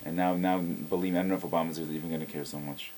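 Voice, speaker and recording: A man's voice: sits low, fairly even intonation, quick pace, a little mellow, slight background noise. A man giving a blunt, opinionated video reply to a viewer, often repeating words as he starts a sentence. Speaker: video blogger answering a viewer. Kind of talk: casual spoken video reply.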